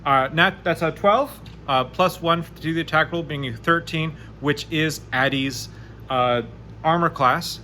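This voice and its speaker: A man narrating a solo tabletop game, chatty and animated as he rolls dice aloud. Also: on the high side, a little slow, a little hiss or hum. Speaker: game master playing solo.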